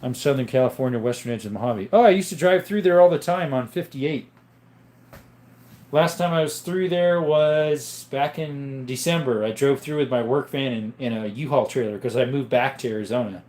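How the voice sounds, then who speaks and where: A man hosting a live stream in casual chat, greeting viewers and reading their questions aloud, explaining things in a relaxed, rambling way. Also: mid-range voice, normal speed.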